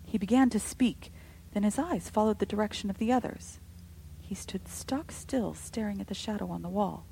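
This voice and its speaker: A woman narrating a story with an expressive, dramatic delivery. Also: medium pitch, moderate pace, gravelly, slight background noise, low-quality recording. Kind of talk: storybook reading.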